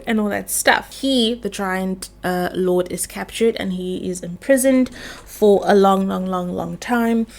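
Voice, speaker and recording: A woman's voice: medium pitch, unhurried, gravelly, a little mellow. A young woman casually chatting about game lore while doing her makeup, playful and swearing now and then. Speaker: gaming lore vlogger.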